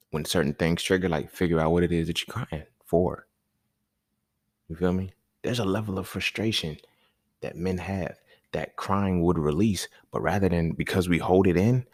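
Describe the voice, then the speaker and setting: A man's voice: low-pitched, dry recording, studio quality. A man hosting a podcast, talking in a casual, emphatic monologue full of slang and repeated points. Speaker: podcast host.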